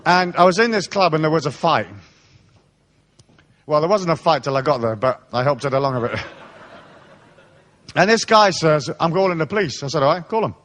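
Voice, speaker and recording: A man giving a live seminar, telling blunt, profane stories in a lively way. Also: on the high side, moderate pace, long pauses. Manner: animated storytelling, blunt and profane. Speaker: seminar speaker. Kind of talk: live seminar talk with anecdotes.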